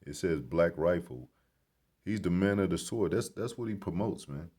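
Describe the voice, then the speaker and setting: A man's voice: deep voice, expressive, normal speed, darkish tone, breathy edge. A man in a casual, rambling vlog commentary at a grocery store. He talks in an emphatic, preachy and blunt way and swears freely. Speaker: vlogger.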